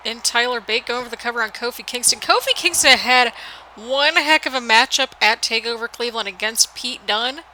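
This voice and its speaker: Her voice fairly high, pushed and bright at a moderate pace, an American woman rambles through play-by-play commentary on a video game for her gaming channel. Her accent mixes northern, midwestern and southern traits, and the low-quality audio carries a little hiss or hum.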